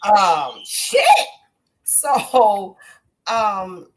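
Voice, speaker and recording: This actress, a podcast guest, talks extremely slowly in a mid-range voice while sharing stories in an easygoing interview. She is an animated teller who performs quotes and laughs often.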